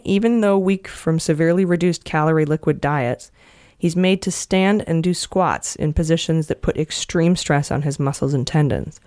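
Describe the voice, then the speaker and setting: A woman's voice: low voice, a little mellow, no room sound. Woman podcast host, earnest storyteller, dry close mic. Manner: earnest storyteller, emotional at times. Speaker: podcast host recounting a book. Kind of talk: casual podcast chat, reading passages aloud.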